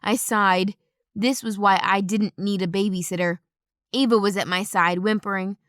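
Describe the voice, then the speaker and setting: A woman with a mid-range voice narrates an audiobook in the first person, briskly and expressively. She's recorded dry on a close studio mic.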